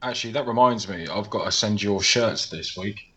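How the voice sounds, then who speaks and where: A man's voice: fairly low pitch, moderate pace, bright, forceful tone. A man co-hosting a podcast, laid-back and casual with short agreeing replies. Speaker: podcast co-host.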